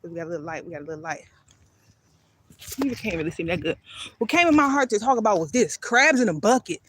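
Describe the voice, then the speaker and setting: A lowish, animated voice belongs to a fast-talking woman, recorded with a little hiss or hum. Holding her phone, she livestreams casually during a nighttime dog walk outdoors, rambling and pausing to call her dog.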